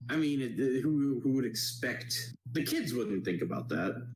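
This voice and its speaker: A young man co-hosting a casual podcast, relaxed and laughing, often restarting his sentences. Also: medium pitch, normal speed. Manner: relaxed, laughs, short agreeing replies, restarts. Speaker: podcast co-host. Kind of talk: casual chat. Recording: echoey room.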